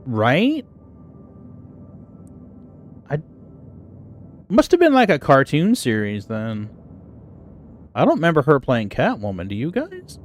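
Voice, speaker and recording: A man's voice: on the high side, wildly swooping pitch, slow pace, pauses often, soft background music. A middle-aged man hosting a livestream, chatting casually with viewers in a rambling, chatty way full of exclamations. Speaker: livestream host. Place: home computer setup.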